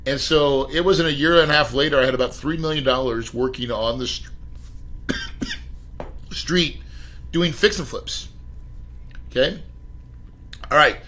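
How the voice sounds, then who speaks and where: A middle-aged man, a podcast guest, telling his life story in an emphatic, animated way and addressing the host directly. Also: on the high side, measured pace, long pauses, slight background noise, rough recording. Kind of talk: storytelling interview.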